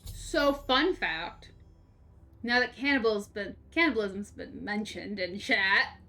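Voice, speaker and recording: A woman's voice: medium pitch, expressive, slow, sharp tone. A young woman streaming a game, rambling through a story in casual chat, laughing and swearing freely. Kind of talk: casual storytelling while playing.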